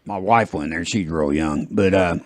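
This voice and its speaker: A podcast host in his fifties chats casually in a loose, rambling, jokey style, laughing at his own jokes. His voice is low-pitched at normal speed, in a dry recording.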